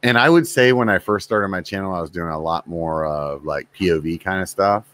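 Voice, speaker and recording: A man's voice: low-pitched, brisk, a bit bright, no room sound. A man hosting a podcast, chatting in an easygoing, agreeable way. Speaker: podcast host. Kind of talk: casual podcast chat.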